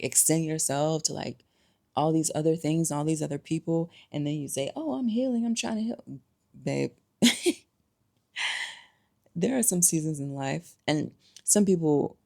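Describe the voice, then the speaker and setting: A woman's voice: low voice, moderate pace, gravelly, warm tone. A woman giving emphatic, conversational commentary to camera, full of rhetorical questions. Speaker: spiritual vlogger.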